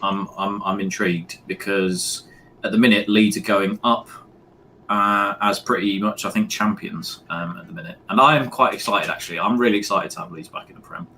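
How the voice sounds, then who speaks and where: A man's voice: lowish voice, steady tone, moderate pace, bright, forceful tone, slight background noise. A young man co-hosting a live football watch-along, talking hesitantly with many ums. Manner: hesitant, lots of ums, nervous. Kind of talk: casual live-stream chat.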